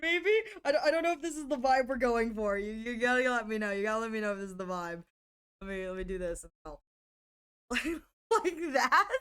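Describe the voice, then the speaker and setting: A woman with a high voice chats casually with her viewers while she draws on a live stream. She talks to chat as she works and keeps dissolving into helpless giggles. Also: brisk, a bit bright, clear, resonant tone.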